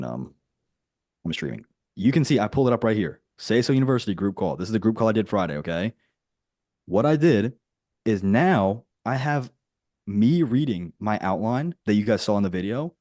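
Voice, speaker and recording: A man with a fairly low voice coaches a group in a direct, flat, dry-humored way. He rambles, restarts his sentences and checks in with "right?". The sound is close and dry, with no room around it. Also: no echo. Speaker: business coach. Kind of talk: casual teaching on a group call.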